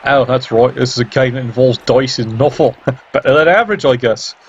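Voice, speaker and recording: A man's voice: mid-range voice, fairly quick, breathy edge, lo-fi sound. A man giving casual play-by-play game commentary, sardonic and teasing, swearing freely.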